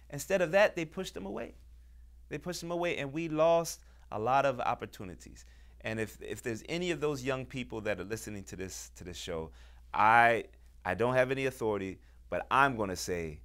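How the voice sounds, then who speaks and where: A man hosting a show, talking with deep emotion and passion, acting out quoted voices as he makes his points. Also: animated, normal speed, a bit bright, smooth. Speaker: host. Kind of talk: impassioned talk to camera.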